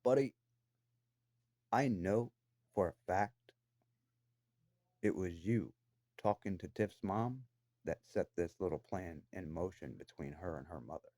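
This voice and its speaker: Speaking to the camera from his own downstairs room, a man vents in an angry, accusatory rant full of profanity. He has a low-pitched, dark voice and keeps a measured pace with long pauses; there's no echo.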